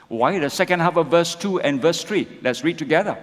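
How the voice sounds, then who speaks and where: A man's voice: on the high side, lively intonation, brisk, hardly any pauses. A male pastor preaching a sermon, asking the congregation rhetorical questions and tagging lines with "isn't it?". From Malaysia. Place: church sanctuary. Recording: long church hall reverb.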